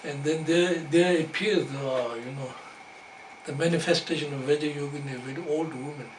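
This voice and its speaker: A man whose first language is Tibetan gives a dharma talk, halting and padded with fillers and soft chuckles. His voice sits a little high for a man. He is recorded from a distance in a reverberant hall, with clear background noise. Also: steady tone. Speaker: Buddhist teacher. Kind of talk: dharma teaching. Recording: echoey room, distant mic, background noise.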